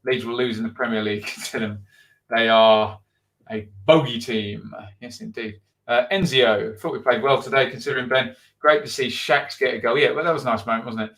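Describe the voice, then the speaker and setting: Man, middle-aged, football streamer, chatty, mid-pitched voice, reading viewer comments. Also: fairly even intonation, moderate pace, a bit bright. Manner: chatty and thinking aloud, with frequent ums. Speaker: football channel host.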